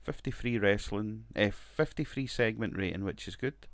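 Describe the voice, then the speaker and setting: A man's voice: on the low side, normal speed, no echo. A man casually commenting on his wrestling management game, rambling, swearing and laughing now and then. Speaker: gaming video creator.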